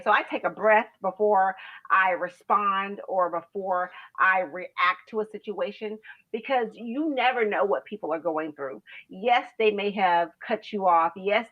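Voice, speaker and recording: A woman speaking as a guest over a video call, telling her story in an earnest, chatty way with frequent "you know"s. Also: medium pitch. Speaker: guest, founder of a kindness initiative. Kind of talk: casual interview monologue. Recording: dull lo-fi video call audio.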